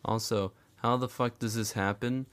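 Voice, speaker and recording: A man's voice: medium pitch, steady tone, normal speed, very noisy. A man giving casual, profane recap commentary, sarcastic and chuckling often.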